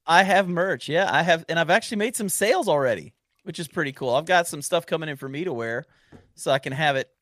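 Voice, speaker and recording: A man co-hosting a casual podcast, easygoing and teasing, quick to agree with his friend. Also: a little high, animated, fairly bright tone, no echo, clean studio sound. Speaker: podcast co-host. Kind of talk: casual chat.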